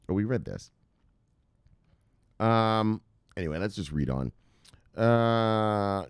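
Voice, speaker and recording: A man's voice: lowish voice, darkish tone, no echo, clean studio sound. A man hosting casual crypto news commentary, reading headlines aloud and rambling off into laughing, profane asides.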